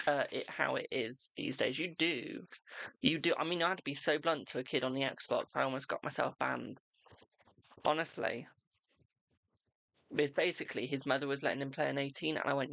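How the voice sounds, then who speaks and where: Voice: mid-range voice, creaky, a bit bright, no echo. A young adult tarot reader chatting bluntly and casually on a live stream. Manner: blunt, chatty, self-deprecating.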